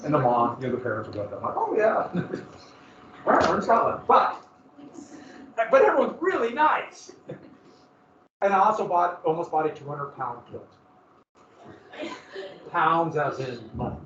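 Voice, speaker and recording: Male teacher, a touch high-voiced, casual and jokey, lecturing from across a roomy classroom on a dull mic. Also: sing-song, measured pace, pauses often, far from the mic, noisy background. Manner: casual, joking, digressive storytelling.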